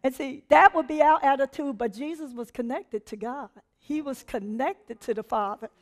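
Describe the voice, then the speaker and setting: A woman with a high, light voice preaches a sermon in a chatty, animated way. She acts out what people say and laughs easily as she teaches. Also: normal speed. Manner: animated, conversational preaching with laughter and acted-out quotes.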